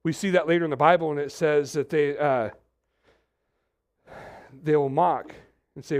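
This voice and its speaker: A man's voice: fairly high pitch, lively intonation, normal speed, long pauses. A man from Texas, preaching a sermon as pastor and wandering into joking asides.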